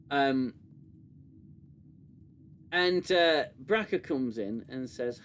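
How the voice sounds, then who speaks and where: A man's voice: mid-range voice, lively intonation, a little slow, long pauses, a little hiss or hum. A man hosting a casual review chat, sarcastic and exasperated, often restarting his sentences. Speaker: podcast host.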